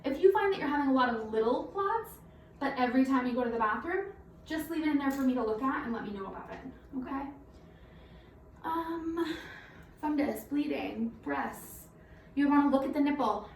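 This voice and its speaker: A woman's voice: sits high, animated, moderate pace, slight background noise. A woman working as a night nurse, talking a little out of breath through a face mask as she teaches a nursing simulation in a chatty, informal way with many fillers. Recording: roomy echo, mic at a distance.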